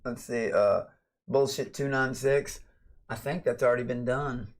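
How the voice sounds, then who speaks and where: A man's voice: mid-range voice, measured pace. Streamer host, male, mid-range voice; loose, profane, rambling late-night chat. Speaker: livestream host.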